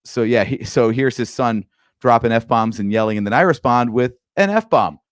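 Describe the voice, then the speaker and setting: A man's voice: mid-range voice, normal speed, dry recording, clean studio sound. A man in his forties co-hosting a podcast, talking casually with a wry, easygoing humor. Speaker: podcast co-host. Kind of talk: casual chat.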